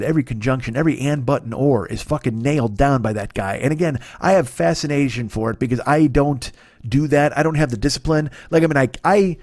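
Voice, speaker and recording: A man's voice: medium pitch, a little mellow, no echo, clean studio sound. A man hosting a comedy podcast, rambling and profane through a casual ad read.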